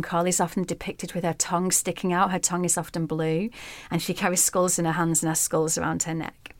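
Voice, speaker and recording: Low-voiced woman telling a myth. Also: no echo. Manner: vivid, expressive storyteller. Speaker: podcast guest. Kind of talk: storytelling in an interview.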